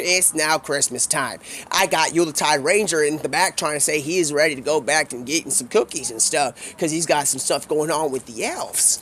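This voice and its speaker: A young man, a streamer, telling a rambling improvised story and quickly shifting his voice for the characters he quotes. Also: fairly high pitch, fairly bright tone.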